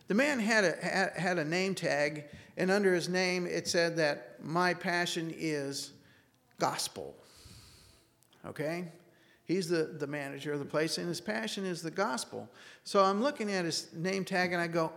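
Earnest male preacher, slightly high, gravelly, long hall reverb. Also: moderate pace, a bit bright. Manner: earnest, storytelling, acts out quoted dialogue. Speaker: speaker giving a church talk. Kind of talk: sermon with a personal story. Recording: long reverb of a large room.

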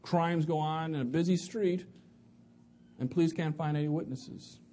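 Man preacher, slightly high voice, casual sermon delivery, stumbles and repeats words, slows for quotes. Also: mellow, slight background noise. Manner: conversational, restarts and repeats words. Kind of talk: evening sermon to a congregation.

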